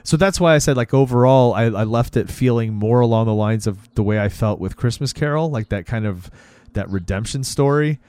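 A man's voice: medium pitch, a little fast, darkish tone, clean tone, no echo. A man talking casually about a film, rambling and swearing, often checking in with "right?". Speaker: podcast co-host.

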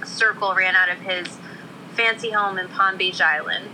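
A woman with a very bright, sharp voice chats casually as a podcast co-host, teasing and laughing as she talks. Her is easy to hear, and a faint noise sits behind her. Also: mid-range voice, steady tone, moderate pace, low-quality recording. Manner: chatty, laughs often, teasing. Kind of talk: casual chat.

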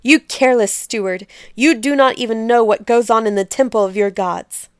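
A proud young queen with a smooth, clear voice, read aloud by a woman. She gives sharp orders and raises her voice, in a storybook told in a dry, close room. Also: on the high side, normal speed, no room sound, close to an everyday voice. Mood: commanding.

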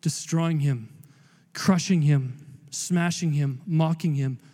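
A man's voice: fairly high pitch, takes it slowly, dark tone. A man preaching a sermon in an emphatic, rambling way, with joking asides and repeated words. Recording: long hall reverb.

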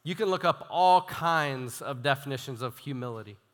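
A young adult man preaching a sermon as a student minister, animated and self-deprecating, reading quotes with emphasis. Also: mid-range voice, moderate pace. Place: church hall. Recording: long hall reverb.

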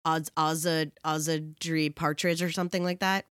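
Woman, lowish voice, casual chat, animated, filler-heavy, dry close sound. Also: normal speed, clean tone, dry recording. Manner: animated storyteller, many fillers and restarts. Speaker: podcast co-host.

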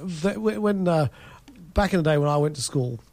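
A man co-hosting a podcast in casual chat, talking in a rambling, halting way. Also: a little high, lively intonation, darkish tone, dry recording. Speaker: podcast co-host.

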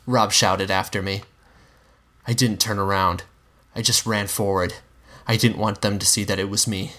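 Low, bright-toned male storyteller. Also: flat delivery. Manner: measured, dramatic narration with acted dialogue. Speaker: story reader. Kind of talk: dramatic reading of fan fiction.

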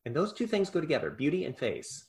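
Impassioned male preacher, slightly high voice. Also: huge pitch swings, fast. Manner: impassioned, swings between loud and hushed. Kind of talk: sermon.

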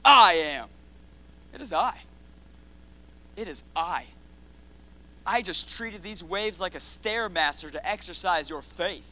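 A man preaching a sermon in slangy, energetic style, building up to loud repeated lines and dropping low again. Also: a little slow, long pauses. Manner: builds to shouts in repeated phrases, then drops low. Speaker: pastor.

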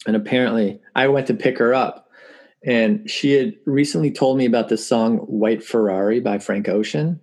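A man's voice: medium pitch, normal speed, darkish tone. A man in his forties, a musician guest telling family stories in casual interview chat, laughing often and acting out quotes.

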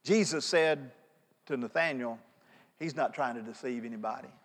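A middle-aged man preaching a sermon, telling stories in a conversational way and swinging between soft asides and loud emphatic pleas. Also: mid-range voice, moderate pace. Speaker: pastor. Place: church sanctuary. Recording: long reverb of a church sanctuary.

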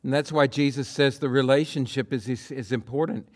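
A man preaching a sermon, acting out quotes with big swings from loud bursts to hushed lines. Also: medium pitch, fairly quick. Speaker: pastor.

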